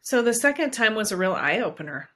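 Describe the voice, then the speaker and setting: A woman's voice: a little high, sing-song, a little fast, a bit bright. A woman in her forties, a podcast guest, telling a personal story in an earnest, heartfelt way. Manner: earnest, heartfelt, speaks with conviction.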